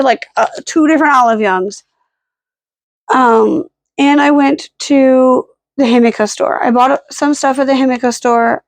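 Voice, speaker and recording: Casual vlogger, woman, a bit high-pitched, rambling and self-mocking, dry close sound. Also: no echo. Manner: rambling, self-deprecating, with frequent "like" and "um" fillers. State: hiccuping and burping. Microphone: camera held at arm's length.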